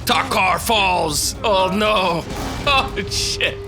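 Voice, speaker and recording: With music playing behind him, a young gaming video creator drawls out his words in a high-pitched voice. He swears freely and talks to himself in an animated, casual way over the gameplay.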